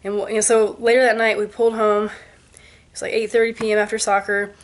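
A woman in her twenties, a vlogger, telling a ghost story to camera in an animated way, with sound effects and quoted voices. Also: mid-range voice, a little fast. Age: 20s.

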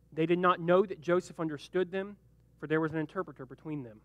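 A young man leading a youth group Bible lesson, joking and animated, briefly acting out the characters in the story. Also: high voice, dry recording. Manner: animated and joking, acts out quick character voices. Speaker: youth pastor.

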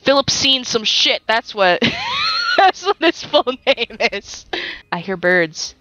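Animated bright-voiced young woman gamer. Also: on the high side, a little slow, muffled recording, soft background music. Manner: giggly, silly and excitable, talks to game creatures. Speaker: gaming YouTuber. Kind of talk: playful gameplay commentary.

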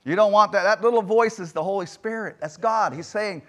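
High-voiced man preaching a sermon. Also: a little fast, few pauses. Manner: emphatic preaching with rhetorical questions and sudden loud swings. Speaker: pastor. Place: church sanctuary.

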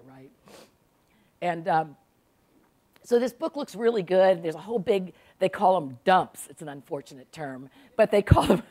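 A woman's voice: lowish voice, darkish tone. A woman, an author telling humorous stories to a live audience at a library, chatty and laughing often. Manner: chatty, laughs often, acts out quoted voices. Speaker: author giving a talk. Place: public library event room.

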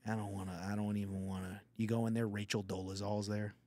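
A man's voice: on the low side, little pitch movement, fast talker, darkish tone, no echo. A man hosting a podcast, riffing in a crude, rambling, irreverent comedic monologue. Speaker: podcast host.

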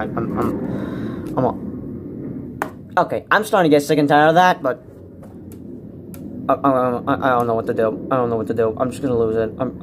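A young man vlogging as a movie fan, anxious and exasperated, repeating himself and swinging from low mutters to cries. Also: slight background noise. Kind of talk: frantic solo rant.

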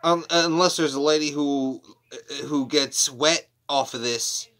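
A man's voice: a little high, unhurried, a bit bright. A man chatting casually at home on his couch, a wrestling figure collector who rambles and throws in crude jokey asides. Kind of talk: casual unboxing chat.

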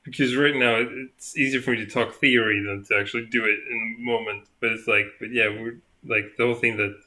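Tired young guy on a livestream, bright voice, lots of um and like, rambly. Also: mid-range voice, fairly even intonation, fairly quick. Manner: rambling, many fillers and restarts. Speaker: co-host. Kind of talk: casual live chat.

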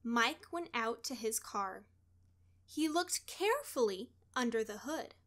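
Reading a children's storybook aloud, this woman speaks in a voice on the high side. Her delivery is expressive and deliberate, like a storyteller.

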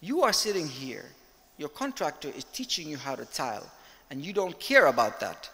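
A man giving an interactive leadership lecture, talking candidly and telling animated stories with direct questions to the audience. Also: a little high, moderate pace. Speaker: guest speaker, company director. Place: lecture hall, filmed. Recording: long hall reverb.

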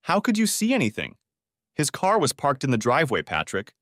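A man's voice: wildly swooping pitch, a little fast, fairly bright tone, dry recording, clean studio sound. A man doing a sobbing jailed wife. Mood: pleading. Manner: tearful, pleading, raised pitch. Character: distraught wife in jail, sobbing, pleading woman.

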